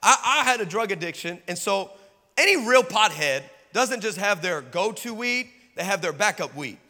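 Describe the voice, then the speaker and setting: A man's voice: sits high, lively intonation, normal speed, bright, forceful tone, in a large hall. A man preaching a sermon, telling a personal story with acted-out dialogue and building to emphatic exhortation.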